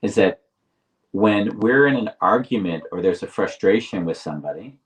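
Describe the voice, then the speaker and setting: A man co-hosting a live talk show, explaining ideas deliberately and often restarting his phrases. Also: fairly low pitch, animated, distant mic, low-quality recording. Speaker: podcast co-host. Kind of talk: reflective conversational explaining.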